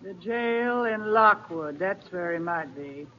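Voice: mid-range voice, animated, slow pace, a little hiss or hum. A performer playing a cantankerous old frontier grandmother in a 1950s radio drama, speaking in grim warnings. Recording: dull old radio broadcast.

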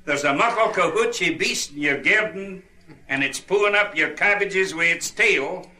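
A man voicing a frantic Scottish village housewife, loud and urgent in a Scottish accent. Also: on the low side, moderate pace, echoey room.

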